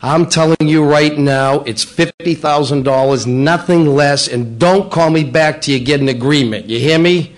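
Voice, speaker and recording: A man voicing a pushy young lawyer who bluffs loudly into a phone in a joke. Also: fairly high pitch, normal speed, hardly any pauses, natural voice. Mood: blustering.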